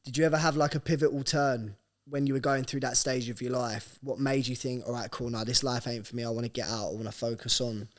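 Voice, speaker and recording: A male podcast host asking his guest relaxed, encouraging questions. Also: medium pitch, fast, hardly any pauses. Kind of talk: interview questions.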